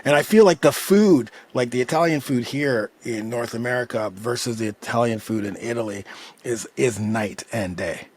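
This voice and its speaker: A man's voice: medium pitch, moderate pace, darkish tone, husky. A man hosting a podcast, chatty and rambling as he tells a story. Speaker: podcast host. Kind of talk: podcast interview.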